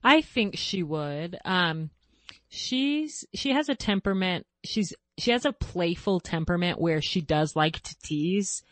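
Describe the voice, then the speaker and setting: Woman host, kinda low voice, candid casual chat, dry close sound. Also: animated, a little slow, no room sound. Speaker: host and mother.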